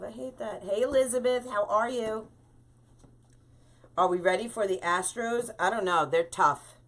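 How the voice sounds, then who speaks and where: A talkative woman hosting a live-stream wreath-making tutorial, chatting with viewers and greeting them by name. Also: medium pitch.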